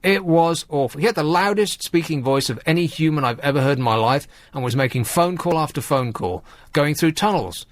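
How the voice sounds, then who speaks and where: A man's voice: a little high, brisk, no room sound. A man hosting late-night radio, telling rambling wry stories. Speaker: radio host.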